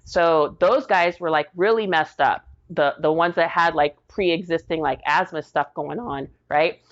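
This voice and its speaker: A woman's voice: low-pitched, unhurried. A woman in her forties, an Army veteran, telling her story in a casual interview and acting out what people said. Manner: lively retelling, acts out quoted dialogue. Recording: dull lo-fi audio.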